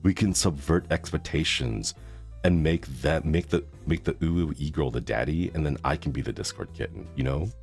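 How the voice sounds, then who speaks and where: A man's voice: very deep voice, moderate pace, creaky, darkish tone, soft background music. A man in his thirties chatting casually on a live stream, reacting to chat with groans and laughs. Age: 30s.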